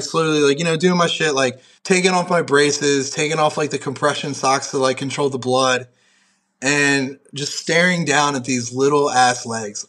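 With a medium-pitched, fairly bright voice, a young man who powerlifts and referees tells stories as a podcast guest. The chat is casual, and he's profane and rambling, leaning heavily on "like."

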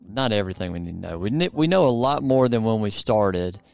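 A man hosting a podcast, chatting in a relaxed, upbeat way with some restarts. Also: on the low side, fairly quick, gravelly, clean tone, no room sound, soft background music. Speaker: podcast host. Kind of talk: casual podcast chat.

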